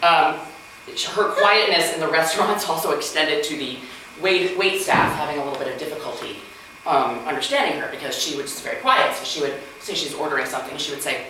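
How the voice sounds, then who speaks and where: A woman's voice: low-pitched, brisk, sharp tone. A woman in her forties doing open mic stand-up, chatty and self-deprecating, full of fillers and acted-out quotes. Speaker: stand-up comedian. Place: mansion room at an open mic. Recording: very echoey room, far from mic, noisy.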